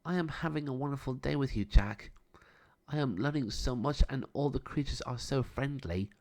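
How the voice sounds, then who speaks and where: A gentle young woman with a soft, sweet voice that sits well above a man's usual pitch, as a male storyteller puts her on. She speaks kindly and tenderly, and her words stay light and delicate. Her voice comes from a calm storybook reading. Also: normal speed, lightly acted. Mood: delighted.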